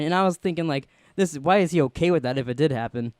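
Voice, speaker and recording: A man hosting a podcast, telling a story in a casual, animated way and acting out the people he quotes. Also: on the high side, fast talker, hardly any pauses, dry recording, clean studio sound. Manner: animated, acts out quoted voices. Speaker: podcast host.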